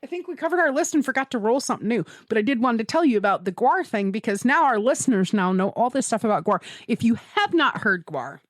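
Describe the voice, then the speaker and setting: A woman's voice: a little high, sing-song, fast talker, few pauses, no room sound, studio quality. A woman co-hosting a podcast in casual chat, rambling, laughing often and swearing freely. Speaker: podcast co-host.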